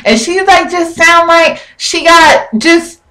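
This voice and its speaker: A woman's voice: extremely high pitch, takes it slowly, pushed and bright, low-quality recording. A woman vlogger chatting casually from her bathroom at home, rambling with lots of fillers. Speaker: vlogger reviewing a TV show. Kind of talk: casual chat.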